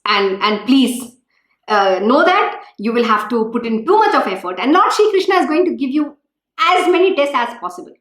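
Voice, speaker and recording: A woman's voice: sits high, very animated, moderate pace, a bit bright, echoey room. A woman giving an emphatic, scolding devotional talk as a spiritual teacher, full of rhetorical questions.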